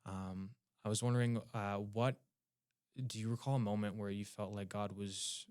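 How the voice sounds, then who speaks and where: Flat-voiced man hosting a podcast. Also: on the low side, normal speed, dry recording, studio quality. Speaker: podcast host. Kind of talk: interview questions.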